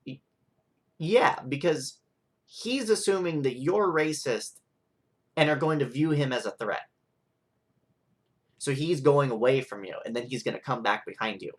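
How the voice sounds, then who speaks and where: A man's voice: medium pitch, animated, normal speed, long pauses. Rambling, frustrated young man. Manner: rambling, frustrated, full of "like" and "right?". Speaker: vlogger. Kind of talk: ranting monologue.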